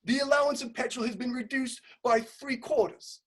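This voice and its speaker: A woman's voice: high-pitched, normal speed, husky. A woman playing a pompous, blustering male aristocrat official with a put-on upper-class English accent, in a comic stage reading. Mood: outraged. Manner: indignant, self-important, prone to outbursts. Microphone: home setup, remote quarantine recording.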